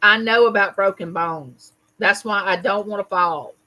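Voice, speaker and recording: A woman hosts a casual livestream, her voice bright and clear. She tells her stories with animation and welcomes each viewer by name. Her pitch sits in the middle of the usual range for a woman. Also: unhurried, low-quality recording. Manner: animated storyteller, greets viewers warmly by name. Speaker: livestream host. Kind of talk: casual livestream chat and storytelling.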